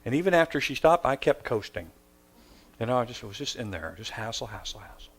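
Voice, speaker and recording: A middle-aged man giving parenting advice as a story, acting out both sides of a conversation and jumping into a high voice for a child's lines. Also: very animated, fairly quick, husky. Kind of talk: storytelling talk.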